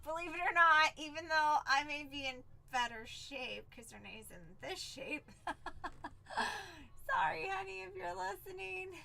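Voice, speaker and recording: Host: thirties, woman, bright and sparkly, chatty storyteller. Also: high-pitched. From San Diego, Southern California. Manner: bubbly, chatty storyteller who acts out quotes. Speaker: livestream card break host. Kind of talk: casual live-stream chat.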